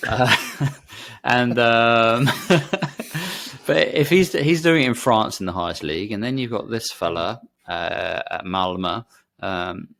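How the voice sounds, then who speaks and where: Laid-back, gravelly man. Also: on the low side, slow pace, fairly bright tone. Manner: laid-back, rambling, joking asides. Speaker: podcast co-host. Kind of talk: casual chat.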